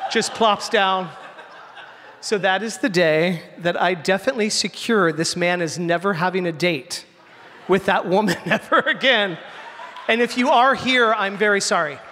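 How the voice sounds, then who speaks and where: A man telling a true personal story on stage before a live audience, animated and slowing down for punchlines. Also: high-pitched, a little hiss or hum. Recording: hall reverb, faint ambience.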